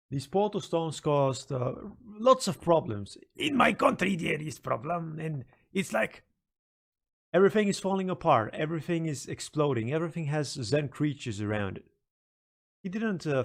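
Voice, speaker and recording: A man streaming a game, chatting excitedly with laughs and restarts, then slipping into dramatic lore narration. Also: mid-range voice. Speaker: gaming streamer.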